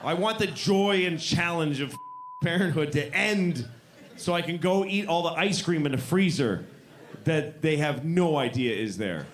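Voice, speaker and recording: A man in his forties doing a stand-up set on a club stage, deadpan and exasperated, trading jabs with a heckler as the audience laughs. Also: a little high, unhurried. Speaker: stand-up comedian.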